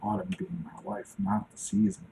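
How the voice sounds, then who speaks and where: A man's voice: on the low side, huge pitch swings, normal speed, vocal fry, dark tone, slight background noise, low-quality recording. A man in his forties chatting casually on a live stream while he draws, rambling and talking to himself as he works. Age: 40s. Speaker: cartoonist streaming while drawing.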